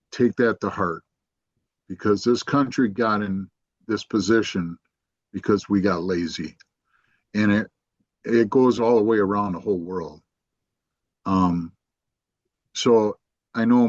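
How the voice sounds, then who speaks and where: A man hosting a podcast, commenting casually and haltingly, pausing on ums and restarts. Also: lowish voice, dry recording. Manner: hesitant, with frequent ums and restarts. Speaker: podcast host. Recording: dull, dry podcast audio.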